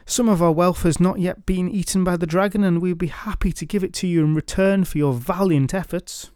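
A man's voice: sits high, steady tone, a little fast, darkish tone, smooth, no echo, clean studio sound, pitched above the performer's own voice, close to an everyday voice. A man voicing a desperate crowd of villagers begging a knight for help, anxious and pleading.

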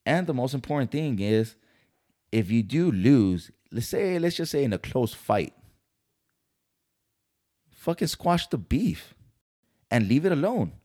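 A man's voice: mid-range voice, sing-song, a little slow, long pauses, warm tone. A man hosting a podcast, ranting in a casual, heated and profane way. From California. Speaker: podcast host. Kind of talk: casual commentary.

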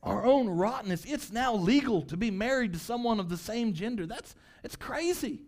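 A male preacher giving a fiery sermon, asking the congregation questions and building to impassioned shouts. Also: expressive, normal speed. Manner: high-pitched, emphatic, sweeps between quiet and loud.

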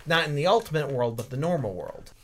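A man hosting a casual discussion, asking questions and explaining at length in an animated way. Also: on the high side, fast talker.

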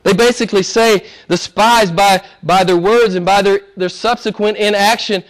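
A man preaching a sermon as pastor, swinging from loud declarations to hushed near-whispers and repeating phrases for emphasis. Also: high voice, normal speed, hardly any pauses.

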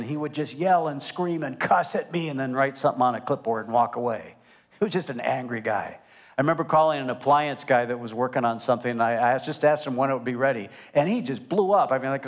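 An older man, grandfather of a toddler, preaching a sermon as pastor, animated and emphatic, swinging between loud emphasis and hushed asides. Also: medium pitch, fast talker.

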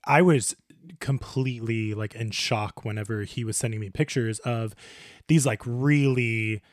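A man's voice: mid-range voice, a little slow, no room sound, studio quality. A man co-hosting a podcast who asks questions and joins in, laughing along with his co-host's story. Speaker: podcast co-host. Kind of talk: casual chat.

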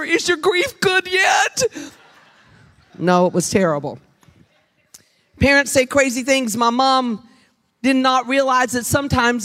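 A middle-aged woman, a pastor's wife preaching to a congregation in a chatty, folksy, humorous storytelling style. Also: fairly high pitch. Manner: animated, chatty, folksy, addresses the room with questions. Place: church sanctuary with a live congregation.

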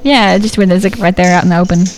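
A woman's voice: fairly low pitch, fast, low-quality recording. A woman casually recapping and joking about a film with a co-host. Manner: wry, narrating the plot, profane. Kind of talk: casual reaction chat.

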